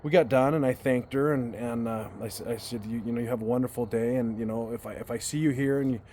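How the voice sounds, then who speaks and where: A man's voice: medium pitch, steady tone, fast, mellow, slight background noise. A man telling a personal story to his viewers in a casual, earnest way, often restarting and repeating words as he goes. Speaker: vlogger.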